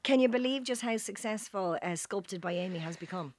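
Raspy-voiced chatty Irish woman host. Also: mid-range voice, brisk, dry recording. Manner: chatty and teasing. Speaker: radio host. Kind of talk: casual radio interview.

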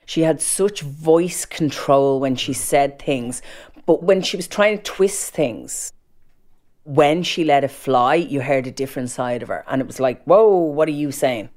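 Woman interviewee, very low pitch, animated recollection. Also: measured pace.

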